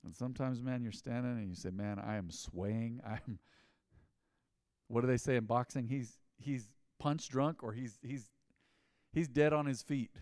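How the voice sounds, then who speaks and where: A man preaching a mid-week sermon as pastor, talking in a conversational, animated way that swings from loud to quiet. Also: mid-range voice, moderate pace, smooth, no room sound.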